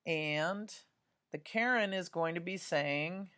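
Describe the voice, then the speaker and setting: A woman's voice: on the low side, slow pace, a bit bright. A woman art teacher talks students through a drawing demonstration, chatty and often checking in with "right?".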